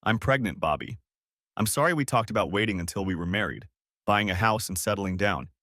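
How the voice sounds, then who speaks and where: A man's voice: lowish voice, lively intonation, brisk, a bit bright, dry recording, studio quality. A man reading the lines of a young woman who pleads and sobs to her boyfriend, in a storybook narration. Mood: pleading. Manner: pleading, sobbing.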